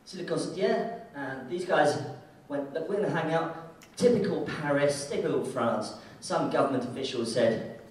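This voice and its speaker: A man's voice: fairly high pitch, normal speed, a little mellow. A man giving a casual, joking conference keynote talk in an irreverent manner, from the United Kingdom. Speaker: keynote speaker. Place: large conference hall. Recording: echoey hall, mic heard from far off.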